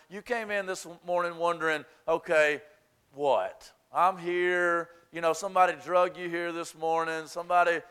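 Southern man, pastor's sermon, high voice, bright and forceful tone, hushed prayer rising to fervent preaching, stumbling restarts. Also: clean tone. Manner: repetitive restarts when worked up.

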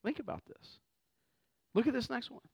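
Man, pastor, gravelly, dry close sound. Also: very high-pitched, moderate pace, no echo. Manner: animated, conversational preaching with rhetorical questions. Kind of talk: sermon.

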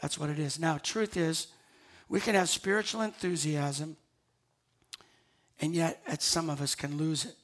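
A man's voice: fairly high pitch, fairly even intonation, unhurried, pauses often, fairly bright tone. A man preaching a sermon to his church, repeating key lines for emphasis and telling stories with quoted dialogue. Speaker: pastor.

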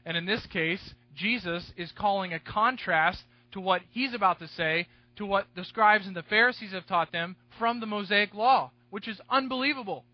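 A male pastor delivering an expository sermon in a fairly high voice. He hammers key words with sudden force, then sinks into quiet, confiding asides. The recording is dry and a little dull, with little sense of the room. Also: normal speed, hardly any pauses, no echo. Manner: emphatic, swinging between loud stresses and hushed asides.

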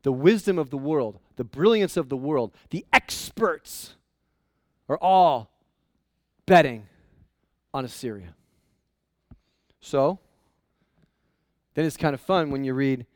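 A male pastor preaching a sermon in a conversational, animated way, often restarting his sentences. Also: on the high side, no room sound.

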